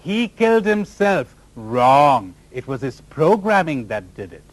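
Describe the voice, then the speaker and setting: A man's voice: on the high side, very animated, unhurried, no echo. A man giving a spiritual talk to a live audience, teasing them with rhetorical questions and sometimes mimicking other people's voices. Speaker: spiritual teacher.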